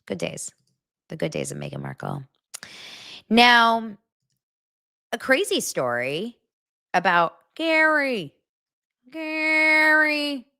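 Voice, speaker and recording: A woman's voice: lowish voice, vocal fry, bright, forceful tone. A woman hosting a celebrity gossip show, talking in a chatty, dramatic, rambling way. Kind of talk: casual celebrity gossip commentary.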